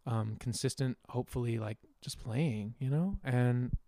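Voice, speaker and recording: A young man, a musician guest, chatting casually about his plans in a relaxed, rambling way with frequent laughs. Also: mid-range voice, a little slow, no echo. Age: young adult. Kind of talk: casual conversation.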